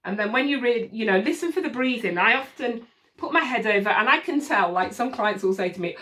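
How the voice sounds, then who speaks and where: A woman teaching parents a soothing technique for settling a baby, speaking calmly and patiently and demonstrating soft shushing. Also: on the high side, fairly quick. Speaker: baby sleep consultant. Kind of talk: instructional demonstration. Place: room with a changing mat set up as a crib. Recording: voice from a distance from the mic.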